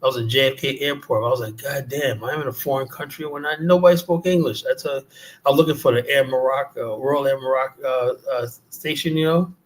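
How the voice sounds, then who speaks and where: A man's voice: medium pitch, fairly even intonation, brisk. Profane, rambling New man. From South Jamaica, Queens, New York. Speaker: livestream host. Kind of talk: casual livestream rant.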